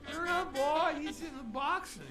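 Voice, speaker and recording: An actor with a Texan accent playing a boastful, rich, older Texan gambler in a video game, drawling and cackling. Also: male voice, extremely high pitch, normal speed. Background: game music, clearly heard.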